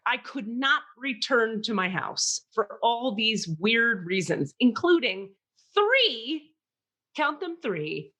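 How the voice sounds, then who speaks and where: Animated woman telling a story. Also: a little high. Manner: animated storyteller, acts out quoted voices. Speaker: podcast co-host. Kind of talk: casual chat.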